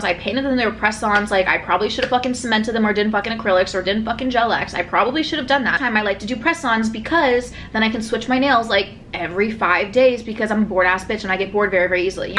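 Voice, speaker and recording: A woman vlogger telling a story in a chatty, animated way, with lots of swearing and fillers, talking in a hotel room. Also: fairly high pitch, a little hiss or hum. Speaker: mukbang vlogger. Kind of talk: casual storytelling vlog.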